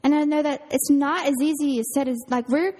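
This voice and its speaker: High-voiced woman giving a chatty sermon. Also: fairly even intonation, fairly quick, warm tone. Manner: chatty, earnest, laughs often, fillers like "like". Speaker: camp counselor giving a devotional. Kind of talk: casual youth sermon. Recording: reverberant hall.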